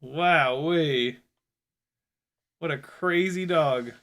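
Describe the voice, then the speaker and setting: A young man giving casual running commentary while flying a drone, excitable, often exclaiming and laughing, swearing casually. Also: fairly high pitch, extremely slow. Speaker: FPV drone pilot and video host.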